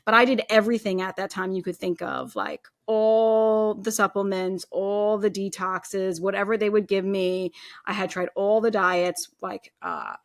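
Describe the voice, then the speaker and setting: A woman in her thirties tells her own story as a podcast guest, talking casually with many "like"s and "you know"s. Her voice sits at an average pitch and is recorded dry, with no room sound. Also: expressive, a little slow, no room sound. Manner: chatty, lots of "like" and "you know".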